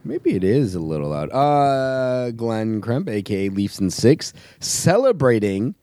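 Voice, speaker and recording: A man's voice: fairly low pitch, animated, unhurried, dark tone, slight background noise. A man co-hosting a gaming podcast in casual chat, joking and rambling with frequent chuckles. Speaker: podcast co-host.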